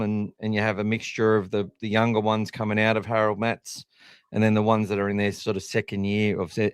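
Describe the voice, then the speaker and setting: A man's voice: on the low side, clear, resonant tone, no room sound, studio quality. A man with an Australian accent hosting a live sports podcast in a casual, rambling way, poking fun at himself. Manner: chatty, rambling, self-deprecating. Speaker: podcast host. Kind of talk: casual live-stream chat.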